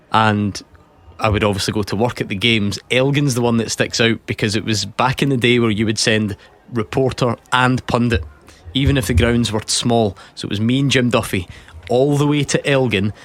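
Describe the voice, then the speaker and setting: A Scottish man hosting a radio sports show in a studio, brisk and chatty, laughing often. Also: medium pitch, fairly bright tone. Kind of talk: casual radio sports chat.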